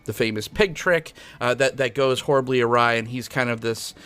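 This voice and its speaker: A man hosts a relaxed film review chat at an average pitch. He rambles and circles back, restarting phrases and filling gaps with "you know" as he walks through the story. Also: normal speed, clean tone. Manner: rambling, hesitant, many restarts and fillers. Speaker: podcast host, film reviewer.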